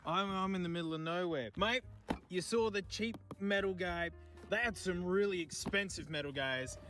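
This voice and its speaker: An Australian man streams a casual vlog from remote bushland, his fairly high voice moving at a normal speed over background music. He jokes around and talks to the things he comes across along the way.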